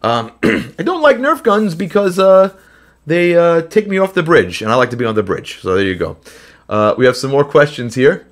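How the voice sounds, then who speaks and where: This man's voice is fairly high and very animated at a normal speed. He's under the weather while hosting a live Q&A from his home studio, rambling with lots of fillers between songs as a guitar plays in the background.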